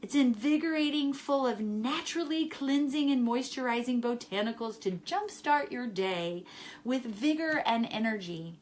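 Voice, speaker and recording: A woman on a live stream from home, talking to viewers in a warm, encouraging way and repeating her key phrases. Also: on the high side, animated, normal speed. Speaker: wellness vlogger selling essential oils. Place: home in Chicago, indoors.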